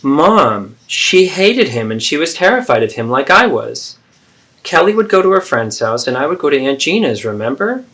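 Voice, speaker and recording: A man's voice: on the high side, big pitch swings, moderate pace, fairly bright tone. A man playing an adult daughter who earnestly and persistently confronts her mother in a therapeutic role-play.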